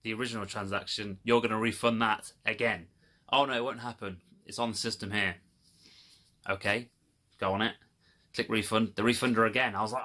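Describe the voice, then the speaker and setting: A man's voice: on the low side, steady tone, brisk, sharp tone. A man telling a rambling, swearing, exasperated story to his viewers in a casual vlog. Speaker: video creator. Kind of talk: casual rant to camera.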